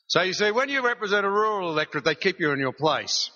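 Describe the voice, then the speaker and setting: A man's voice: high-pitched, animated, quick pace, hardly any pauses, bright, forceful tone, slight background noise. Australian man telling wry stories in a hall. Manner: storytelling, wry, earnest. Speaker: politician giving a speech. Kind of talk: public speech with anecdotes. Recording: dull, reverberant hall recording.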